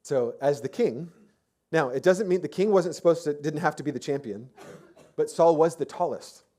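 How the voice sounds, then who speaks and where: Casual chatty preacher man, slightly high voice. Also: moderate pace, warm tone. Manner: casual, chatty storytelling with many fillers and restarts. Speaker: pastor. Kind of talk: conversational sermon.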